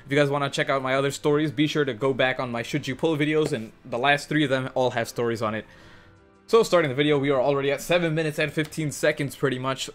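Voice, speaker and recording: A young man casually telling a work story for his gaming channel, animated and cursing, acting out the other people in shifting voices. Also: medium pitch, fast talker. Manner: animated, swears, acts out quotes in shifting voices. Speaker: gaming youtuber. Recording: faint music underneath.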